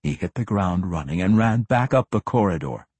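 A man reading a fantasy audiobook as narrator, telling the story in an expressive, dramatic way. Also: low-pitched, normal speed, breathy edge, no echo.

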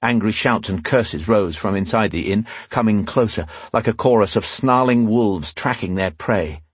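Husky low-voiced male narrator. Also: normal speed, no echo. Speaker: audiobook narrator. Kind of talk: scripted narration.

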